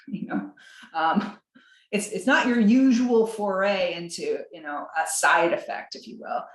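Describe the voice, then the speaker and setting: A woman guest on a podcast interview, talking in an animated way, acting out quotes in a higher voice and laughing between points. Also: unhurried, echoey room, poor audio.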